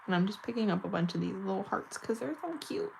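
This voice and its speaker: A woman's voice: mid-range voice, animated, fast, creaky, darkish tone, slight background noise, poor audio. A woman chatting casually and giggling while doing her nails on camera. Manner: chatty, giggly, self-mocking. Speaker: nail vlogger.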